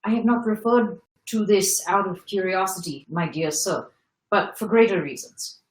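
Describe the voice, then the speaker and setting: A woman reading the lines of a severe old man, a Freemason, in a deliberate, grave manner. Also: medium pitch, natural voice. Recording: roomy echo.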